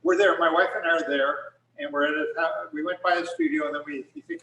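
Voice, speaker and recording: Animated man telling photography stories. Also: a little high, fairly quick, creaky, far from the mic. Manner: animated, rambling with many restarts. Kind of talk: casual storytelling talk. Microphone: video call. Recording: echoey room, speaker off mic.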